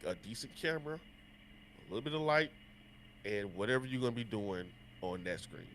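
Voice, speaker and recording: A man's voice: fairly low pitch, expressive, normal speed, fairly bright tone, slight background noise. A man with a stuffed-up, nasal voice, a podcast guest talking bluntly and emphatically, swearing casually. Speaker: podcast guest, content creator.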